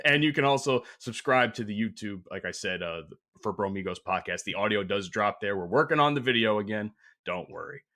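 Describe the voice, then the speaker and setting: A man hosting a podcast, talking casually and crudely, with plenty of swearing and loud laughter. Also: fairly low pitch, animated, moderate pace. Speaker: podcast host. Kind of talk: casual chat.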